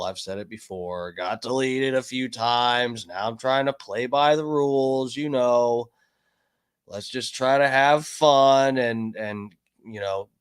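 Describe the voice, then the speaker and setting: A man's voice: medium pitch, smooth. A man hosting a livestream, chatting casually and telling a story in a rambling, profane way with lots of fillers and restarts. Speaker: livestream host. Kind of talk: casual stream chat, storytelling.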